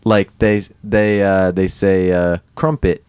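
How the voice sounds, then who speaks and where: A man co-hosting a podcast in casual comedic chat, halting and thinking aloud with many fillers. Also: deep voice, little pitch movement, a little mellow, clear, resonant tone, dry recording. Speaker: podcast co-host.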